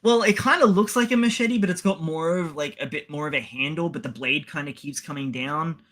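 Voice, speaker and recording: A man with a bright, forceful voice chats casually through an episode recap. He rambles, laughs often and slips into quick impressions of the characters. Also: fairly high pitch. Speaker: podcast co-host.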